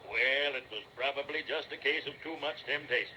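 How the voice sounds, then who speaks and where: An actor playing a jolly elderly Santa Claus who drives the sleigh, in 1930s radio drama style. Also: male voice, mid-range voice, brisk, bright, forceful tone, a little hiss or hum, poor audio. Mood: musing.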